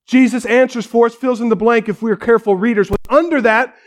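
A male pastor preaching a sermon with dramatic storytelling, often dropping to a near-hush for weight. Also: extremely high pitch, steady tone, fast.

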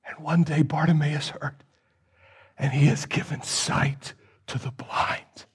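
A man preaching a sermon, retelling the story dramatically and swinging from hushed tones to loud pleas, with rhetorical questions to the listeners. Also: on the high side, steady tone, slow, husky.

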